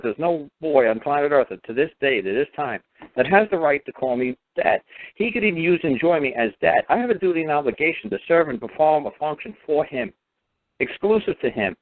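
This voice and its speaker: A man's voice: a little high, animated, fairly quick. A man on a call-in radio talk show, telling stories emphatically and repeating words for stress. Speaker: radio show guest speaker. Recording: tinny phone line.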